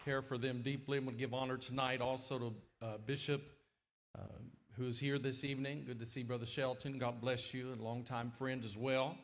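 A middle-aged man preaching a sermon in a church, folksy and lively, with sudden loud, emphatic swells. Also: medium pitch, moderate pace. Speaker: guest preacher. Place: church sanctuary.

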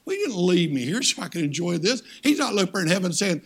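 Older man preaching with gravelly emphasis. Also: high-pitched, sing-song, quick pace, fairly bright tone. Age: 60s. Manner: emphatic, repeats phrases for stress, calls on the audience. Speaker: guest preacher. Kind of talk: sermon.

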